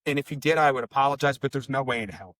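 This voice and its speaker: A man's voice: mid-range voice, racing, fairly bright tone, no echo. A middle-aged man, a bereaved father, telling stories in an emotional interview; he talks in a rambling, heated, profane way. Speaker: bereaved father and podcast guest.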